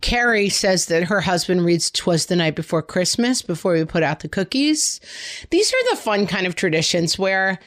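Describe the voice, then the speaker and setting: A woman co-hosting a podcast, talking in a chatty, jokey way with quick asides. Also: lowish voice, sing-song. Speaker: podcast co-host. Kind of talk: casual chat.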